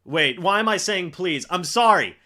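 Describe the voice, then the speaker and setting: A man hosting a live football reaction stream for his chat, excitable and swinging between loud disbelief and deflated muttering. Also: high voice, moderate pace. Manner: talks to chat. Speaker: fan livestream host. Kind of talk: live game reaction commentary.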